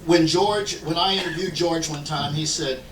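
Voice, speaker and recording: A man's voice: fairly high pitch, steady tone, moderate pace. Guy interviewing someone on stage, friendly, crowd behind him, far away and echoey. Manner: friendly, complimenting questions.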